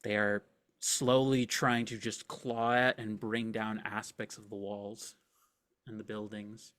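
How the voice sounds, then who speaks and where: A man's voice: lowish voice, little pitch movement, slow, fairly bright tone. A man narrating a tabletop game as game master, describing scenes casually and vividly with many filler words.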